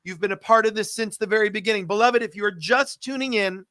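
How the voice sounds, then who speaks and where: A man with a high voice hosts a live stream and makes urgent, pleading appeals to viewers. He repeats his calls to action. The sound is dry and close. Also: quick pace, few pauses, pushed and bright, dry recording.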